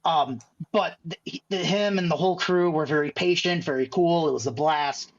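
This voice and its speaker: A man's voice: a little high, normal speed, dull audio. A man from the Chicago area, a guest magician telling stories in a casual podcast chat, acting out other people's lines as he goes. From Chicago area, USA.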